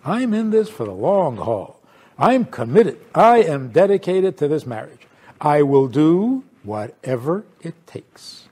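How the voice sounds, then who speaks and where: Self-important husband voiced by a man, earnest and pompous, husky, lively lilt. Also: a little high, slow, exaggerated voice.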